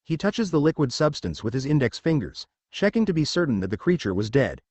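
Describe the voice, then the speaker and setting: A man narrating a fan fiction story, reading steadily through the action. His pitch is lively and the sound is dry and close, with no room around it. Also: brisk, no room sound.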